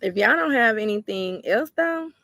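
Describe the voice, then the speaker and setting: Chatty woman with a bright voice. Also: lowish voice, unhurried, dry recording, clean studio sound. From Georgia, US. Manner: chatty, relaxed, talks straight to the viewers as y'all. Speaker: livestream host and tarot reader. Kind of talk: casual livestream chat reading viewer comments.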